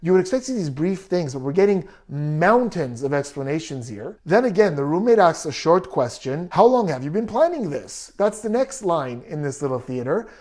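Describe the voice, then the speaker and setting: An analytical video commentator who works through the evidence point by point and keeps asking pointed rhetorical questions. The voice sits at a middling pitch and stays conversational and steady. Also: moderate pace, hardly any pauses. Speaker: commentator analyzing text messages.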